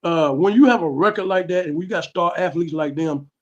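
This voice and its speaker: Guy with a really high voice, blunt, sounds muffled and lo-fi. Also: a little fast. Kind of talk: casual sports talk. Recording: dull lo-fi audio.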